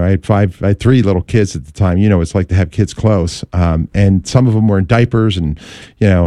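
A middle-aged man with a low, mellow voice talks through his career as a radio host. He tells it in an animated, storytelling way. The sound is dry and close, with no room around it. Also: no room sound. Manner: animated, acts out quoted voices. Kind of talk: storytelling in an interview.

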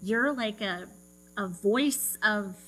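A woman's voice: mid-range voice, takes it slowly, fairly bright tone, poor audio. A woman co-hosting a podcast, chatting in a bubbly, teasing way with lots of 'like'. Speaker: podcast co-host. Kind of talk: casual chat.

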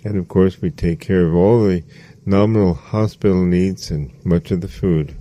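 A man giving a sermon as a spiritual teacher, slow and measured, repeating phrases for emphasis. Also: deep voice, mellow, dry recording.

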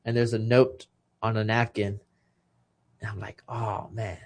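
A man's voice: lowish voice, level tone, unhurried, darkish tone. Earnest man telling a personal story. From Texas. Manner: emotional, earnest, many restarts. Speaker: retired boxer, guest. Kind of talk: casual interview storytelling.

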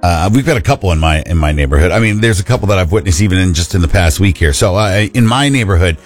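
A male co-host with a lively, swooping voice that climbs and dips as he jokes. He talks in a relaxed, wry way and riffs on stories in casual banter. Faint music sits underneath. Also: fast talker. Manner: wry, joking asides with lively pitch swings. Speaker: radio show co-host.

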